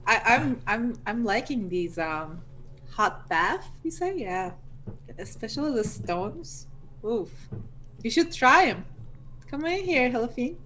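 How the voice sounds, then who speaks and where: A woman playing in a tabletop game, speaking in a halting, relaxed way. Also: on the high side, slight background noise. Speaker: player. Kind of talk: casual tabletop play.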